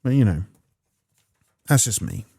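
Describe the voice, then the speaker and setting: A man's voice: on the low side, sing-song, gravelly, mellow, husky. Aussie guy doing stand-up alone in his room, rambling and swearing a lot. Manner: rambling, profane storytelling with quick asides. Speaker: stand-up comedian. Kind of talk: stand-up routine performed alone. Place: small room.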